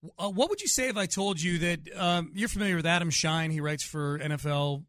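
High-voiced male sports host, dry sound. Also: expressive, a little fast, fairly bright tone, dry recording. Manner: conversational, leads with questions, steers the topic. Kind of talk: casual sports talk.

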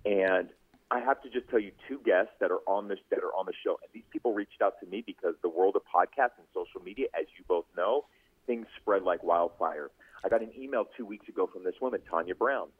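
Low raspy guy telling his story on a radio show, does voices for people, sounds like a phone line. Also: a little fast. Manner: animated storyteller who acts out quoted voices. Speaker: guest, podcast host and news anchor. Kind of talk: casual radio interview storytelling.

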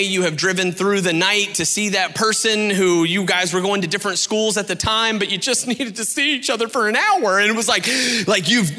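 A man's voice: high voice, bright, forceful tone, in a large hall. A man in his thirties preaching on a stage, telling a story with many asides and fillers. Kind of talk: sermon. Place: large hall on a stage.

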